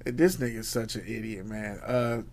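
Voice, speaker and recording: A man co-hosting a podcast, chatting casually and profanely, often jumping into high mimicking voices. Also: normal speed, a little mellow. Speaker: podcast co-host. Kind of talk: casual chat.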